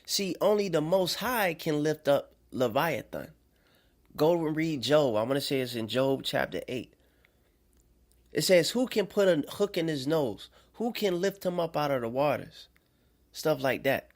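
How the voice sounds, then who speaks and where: A man giving an informal sermon to listeners, conversational and checking in with them, swinging between rising emphatic stretches and soft, quiet ones. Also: fairly high pitch, animated, measured pace. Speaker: self-made preacher. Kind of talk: informal preaching monologue.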